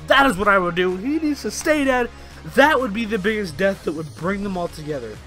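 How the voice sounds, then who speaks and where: A young man rants through his casual vlog in a high, bright voice, swearing freely. His energy is animated, and soft music plays faintly underneath. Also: a little fast. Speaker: host.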